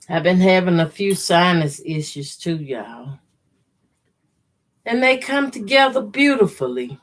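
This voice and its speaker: A woman's voice: on the low side, animated. A woman chatting to viewers in an easygoing way while she sews quilt blocks on a livestream. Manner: slow, easygoing running commentary, addresses viewers as y'all. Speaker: quilter hosting a sewing livestream. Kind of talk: casual chat while sewing.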